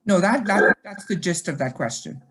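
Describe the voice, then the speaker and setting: A moderator posing questions to panelists in a polite, brisk way. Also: mid-range voice, animated, pushed and bright, breathy edge.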